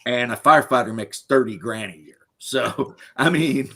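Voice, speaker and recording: A man's voice: medium pitch, moderate pace, a bit bright, husky. A middle-aged man, a podcast host, giving his opinions in a blunt, crude, casual chat and laughing at his own stories.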